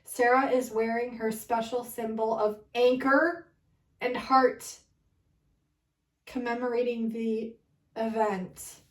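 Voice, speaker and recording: A woman's voice: a little high, fairly even intonation, slow pace, pauses often, echoey room, recorded from a distance, low-quality recording. A woman giving a casual spiritual card reading to her viewers, emotional and overwhelmed, swearing and laughing between cards. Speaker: tarot card reader.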